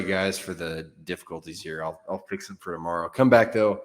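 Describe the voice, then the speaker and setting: A man's voice: low-pitched, big-room sound. A man hosting a solo sports show, talking in a frank, offhand way with fillers and some mild cursing. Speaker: sports podcast host. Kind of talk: casual solo sports commentary.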